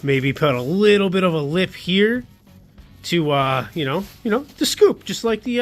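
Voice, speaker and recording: A man's voice: high voice, animated, normal speed. A man narrating a casual workshop vlog, thinking aloud as he works and cheering his own results with casual slang. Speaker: car builder.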